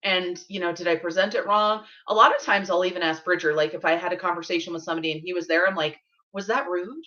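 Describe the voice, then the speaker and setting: Bright-voiced woman chatting bluntly. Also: lowish voice, fairly even intonation, muffled recording. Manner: talks quickly and bluntly, asks "you know what I mean?". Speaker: co-host of budgeting channel. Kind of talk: casual live-stream chat.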